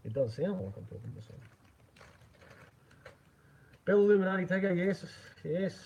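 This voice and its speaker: A man's voice: high-pitched, lively intonation, moderate pace, long pauses, a little mellow. A man chatting casually on a live stream, rambling and chuckling with lots of fillers. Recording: dull lo-fi with faint noise.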